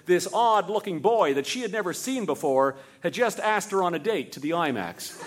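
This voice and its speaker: A man narrating a story in a steady, vivid storytelling manner. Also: high voice.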